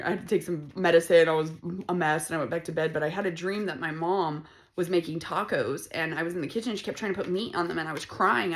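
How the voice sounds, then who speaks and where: Frank, foul-mouthed woman with a somewhat low voice, chatting loosely through a tarot reading. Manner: blunt and profane, rambling and conversational. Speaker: tarot reader. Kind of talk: casual tarot reading monologue.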